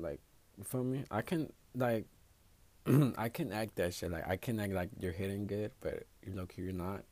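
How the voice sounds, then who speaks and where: A fairly low, dark-toned male voice belongs to a podcast host delivering a casual solo monologue. He doesn't mince words, swears plenty, and alternates English with Spanish.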